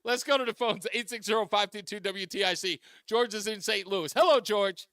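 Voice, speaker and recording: A man's voice: high voice, fairly quick, fairly bright tone, no room sound. A man hosting a talk radio show, joking and emphatic as he takes calls on a studio microphone. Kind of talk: talk radio monologue and call-in.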